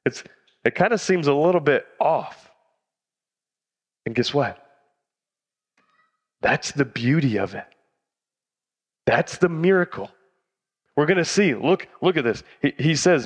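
A man's voice: medium pitch, moderate pace, pauses often, a bit bright. A man preaching a casual sermon as a youth pastor, conversational and slangy, often asking the audience questions. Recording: reverberant hall.

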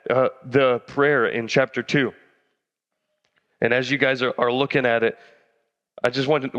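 A man gives a relaxed, slangy sermon to a youth group and keeps throwing questions out to the listeners. His voice sits at a middle pitch. It rings out with a long reverb, as if he is speaking in a large hall. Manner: conversational, slangy, asks the audience questions. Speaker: youth pastor. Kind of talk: casual sermon.

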